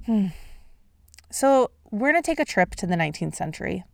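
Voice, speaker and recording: A woman hosting a solo podcast in a casual, expressive way, swearing and laughing at her own stumbles. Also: mid-range voice, normal speed, vocal fry, no room sound, clean studio sound. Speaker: podcast host.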